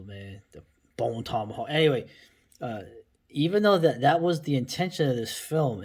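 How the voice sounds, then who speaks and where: A man from New York City chatting casually about a favorite film, rambling and enthusiastic, often trailing off into a soft mutter. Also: mid-range voice, breathy edge. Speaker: film vlogger. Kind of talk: casual movie talk.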